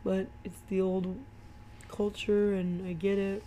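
A woman's voice: mid-range voice, flat delivery, slow pace, mellow, a little hiss or hum. A woman casually retelling a movie scene by scene, gushing and emotional, with rambling restarts. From Georgia, USA. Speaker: movie commentary host. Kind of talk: casual movie recap chat.

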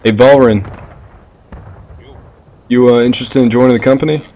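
A man's voice: mid-range voice, steady tone, moderate pace, warm tone, poor audio. A man in casual multiplayer voice chat, bantering wryly with teammates while the game's gunfire plays faintly behind him. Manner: joking, wry banter with teammates. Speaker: gameplay streamer.

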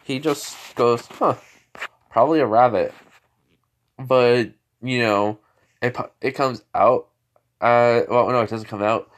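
A man's voice: medium pitch, fairly even intonation, slow, clear, resonant tone. A man casually retelling a fan-made story, rambling with many fillers and self-corrections.

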